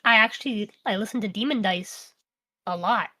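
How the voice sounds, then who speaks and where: A woman guest on a podcast, chatting casually and swearing freely, playful and quick to slip into mock voices. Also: medium pitch, sharp tone. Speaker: VTuber guest.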